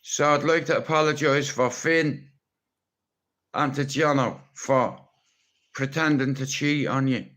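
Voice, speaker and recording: Irish guy on a live stream, talks slow, blunt, swears a lot and teases his mates. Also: medium pitch, fairly even intonation, fairly bright tone. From Ireland. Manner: rambling, blunt, swearing, teasing. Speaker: livestreamer. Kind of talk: rambling live stream monologue.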